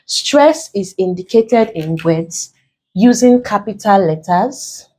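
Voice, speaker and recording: A woman with a Nigerian accent teaching an exam prep English lesson, explaining slowly and repeating key terms. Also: medium pitch, expressive, dark tone. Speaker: English tutor.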